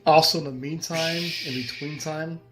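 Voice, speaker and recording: A man's voice: fairly high pitch, fairly even intonation, over music. A man playing a tabletop game who talks in a rush and swears casually. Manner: rushed, casually profane. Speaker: player.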